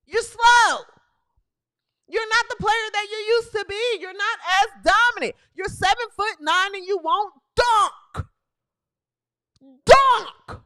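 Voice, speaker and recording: A woman's voice: very high voice, a little slow, bright, forceful tone, no room sound, clean studio sound. A woman hosting a comedy sports show, ranting sarcastically with mocking repetition. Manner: sarcastic, mocking, repeats lines for effect. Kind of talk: comedic sports commentary rant.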